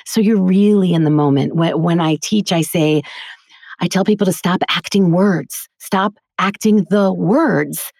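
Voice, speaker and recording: A woman's voice: on the low side, unhurried, gravelly, darkish tone, no echo, studio quality. A middle-aged woman, a voiceover artist and teacher, speaking earnestly and emphatically as a guest in a casual podcast interview.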